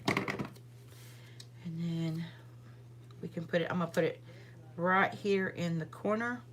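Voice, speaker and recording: Chatty low-voiced woman crafter. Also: fairly even intonation, slow, very noisy. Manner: chatty, rambling, full of fillers and asides to viewers. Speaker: card-making livestream host. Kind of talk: casual live crafting demonstration.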